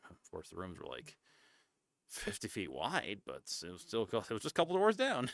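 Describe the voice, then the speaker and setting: A male streamer chats in a rambling, gravelly voice that swings widely in pitch. He keeps cutting himself off, slips now and then into hushed asides, and the sound is close and dry. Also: no room sound. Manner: rambling, self-interrupting and chatty. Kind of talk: casual chat.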